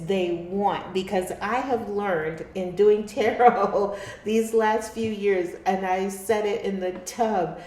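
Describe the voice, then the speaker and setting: Warm and mid-range, this tarot reader's voice carries through an echoey room as she chats with her darlings, her viewers, and laughs frequently during the reading.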